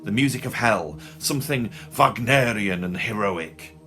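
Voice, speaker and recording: A man reading a short story aloud in a dry, expressive storytelling manner. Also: fairly low pitch, measured pace, soft background music. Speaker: narrator. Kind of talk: audiobook reading.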